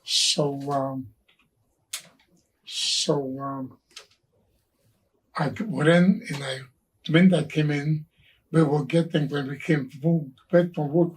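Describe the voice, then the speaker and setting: A husky, gravelly man in his nineties tells his story slowly, restarting and repeating words as he goes. His voice sits a bit high for his age. He is heard from some distance from the microphone. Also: fairly even intonation. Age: 90s. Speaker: Holocaust survivor telling his story. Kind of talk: personal testimony, slow and halting.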